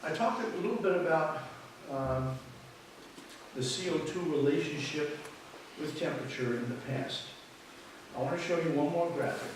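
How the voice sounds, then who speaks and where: A man's voice: fairly high pitch, moderate pace, pauses often, noisy background. A man giving a public talk with slides as guest speaker, rambling and repeating words as he restarts his sentences. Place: lecture room with audience. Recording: echoey hall, mic far off.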